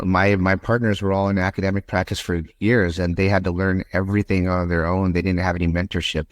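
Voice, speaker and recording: A man's voice: deep voice, dry recording. A man hosting a medical podcast, talking in a candid, rambling, conversational way. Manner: rambling, candid, with asides and restarts. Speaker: podcast host, interventional endoscopist.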